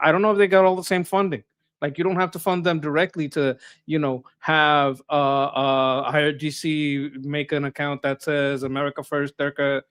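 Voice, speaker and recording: A man's voice: a little high, fairly bright tone, clear, resonant tone. Blunt, swearing male livestream co-host. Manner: blunt and profane, stumbles, mocks people in put-on voices. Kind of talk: casual livestream commentary.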